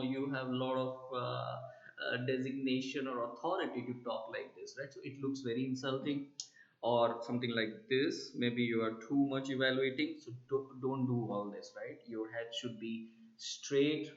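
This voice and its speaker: A man's voice: medium pitch, fairly bright tone. Man coaching in an echoey room. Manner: emphatic, keeps checking with "right?". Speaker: soft skills trainer. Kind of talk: instructional talk to camera. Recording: roomy, slightly dull sound.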